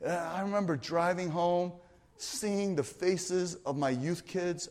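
A man pastor telling a story in a sermon, animated, swinging from loud, excited bursts to quiet asides. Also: high-pitched, slow, heavy background noise. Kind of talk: storytelling sermon at a youth retreat. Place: retreat meeting hall. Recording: long reverb of a large hall.

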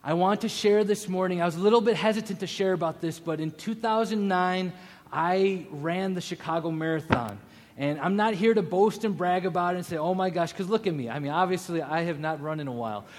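A man in his thirties preaching a sermon, telling a personal story with animated, acted-out quotes. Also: sits high, brisk, long reverb tail. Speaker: pastor.

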